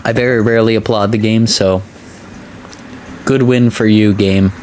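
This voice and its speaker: A man hosting a let's play, chatting casually and excitably as he plays. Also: normal speed, a little hiss or hum. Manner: chatty, excitable, voice jumps high when excited. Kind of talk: casual gameplay commentary.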